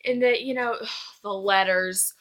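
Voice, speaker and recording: A woman's voice: mid-range voice, steady tone, unhurried, a bit bright. A young woman chatting casually in a book review vlog, gushing and acting out characters' lines.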